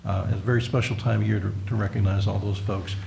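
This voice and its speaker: A gravelly-voiced man speaks as a county magistrate at a public meeting. He talks in an easygoing, folksy way full of fillers. The sound is roomy, with a faint hum behind him. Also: fairly low pitch, flat delivery, a little mellow. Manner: folksy, many pauses and fillers. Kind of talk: council meeting remarks.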